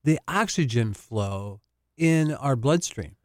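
A man's voice: medium pitch, animated, slow, no echo, studio quality. A man speaking as a Christian counselor on a radio talk show, laughing easily as he chats. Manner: laughs easily, good-humored. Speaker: Christian counselor, regular guest. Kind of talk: casual chat.

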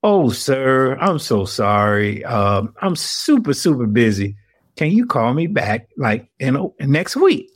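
A man's voice: medium pitch, sing-song, takes it slowly, no room sound. A man voicing a polite older Southern widow, courteous and apologetic as he retells a phone call.

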